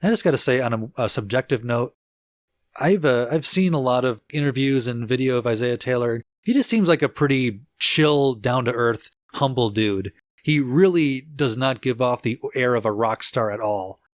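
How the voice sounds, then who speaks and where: A man co-hosting a casual music-history podcast, relaxed and chatty with easy laughter and plenty of fillers. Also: medium pitch, moderate pace, no echo. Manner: relaxed storyteller, laughs easily, lots of filler "like". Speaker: podcast co-host.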